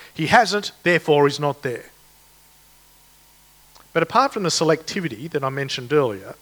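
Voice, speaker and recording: A man's voice: high voice, a bit bright. A man preaching a sermon, speaking in a conversational, earnest way and posing rhetorical questions.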